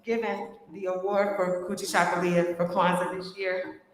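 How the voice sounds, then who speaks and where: A woman emceeing a live community event in a church hall, chatty and lively, laughing between remarks. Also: on the low side, normal speed, heavy background noise. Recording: echoey hall with long reverb.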